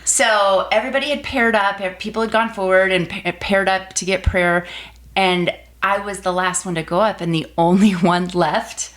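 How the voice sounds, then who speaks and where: A woman in her thirties telling a personal faith story as a podcast guest, animated, acting out quoted voices. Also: normal speed. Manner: animated storyteller, acts out quoted voices with big pitch jumps.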